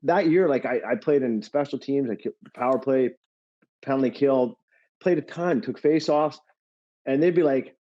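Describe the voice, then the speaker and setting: A middle-aged man, a former pro athlete, chatting as a podcast guest and telling an animated anecdote, laughing often and swearing now and then. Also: mid-range voice, normal speed. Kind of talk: casual chat, storytelling. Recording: slightly dull lo-fi audio.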